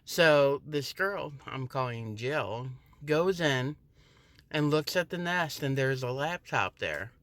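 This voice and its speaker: A woman's voice: rumbling low, slow pace, no echo. A woman working as a campus security officer tells a casual story while walking to her car through a parking garage, recorded on a phone she holds as she walks. She acts out the people in her story by raising her voice for their lines. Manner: animated, acts out quoted dialogue in a raised voice. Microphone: phone held while walking.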